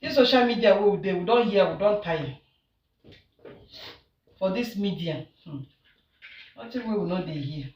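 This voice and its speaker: A woman's voice: mid-range voice, animated, normal speed, pauses often, darkish tone. A woman with a Nigerian accent chatting and teasing while she cooks at home, laughing often. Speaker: social media commentator. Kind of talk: casual commentary while cooking. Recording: roomy, distant from mic, faint noise.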